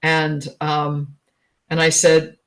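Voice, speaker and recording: A woman in her sixties, a guest relationship expert, telling a personal story in a chatty, animated way, laughing often. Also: deep voice, extremely slow. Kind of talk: casual storytelling in an interview.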